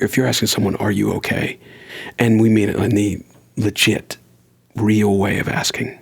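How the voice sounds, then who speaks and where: A man's voice: on the low side, gravelly, breathy edge. A man hosting a solo podcast, talking in an earnest, conversational way and shifting his pace for emphasis. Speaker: podcast host.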